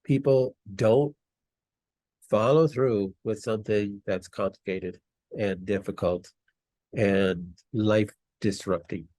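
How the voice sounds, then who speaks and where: A man hosting a casual interview, speaking relaxed with frequent restarts. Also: lowish voice, slow, no echo. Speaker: host.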